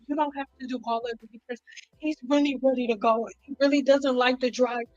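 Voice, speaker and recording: A woman hairstylist telling stories in a casual vlog, animated and acting out what people said. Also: sits high, quick pace. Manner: animated, acts out quotes, frequent "like". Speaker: hairstylist vlogger. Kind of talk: casual storytelling to camera. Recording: dull lo-fi sound with faint music behind.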